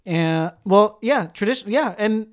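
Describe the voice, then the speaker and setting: A woman's voice: medium pitch, animated, measured pace. A woman co-hosting a casual chat, explaining plot in detail and laughing often. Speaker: podcast co-host. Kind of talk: casual chat recapping a show.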